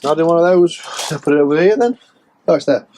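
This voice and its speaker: A man's voice: a little high, expressive, fast talker, very noisy. A man giving a casual, rambling sales update as a reseller vlogger, chatty and self-mocking. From England.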